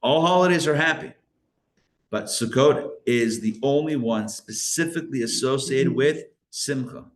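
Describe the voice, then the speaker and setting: A male rabbi teaching a live Kabbalah class, animated, asking rhetorical questions and breaking off his own sentences. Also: medium pitch, a little slow.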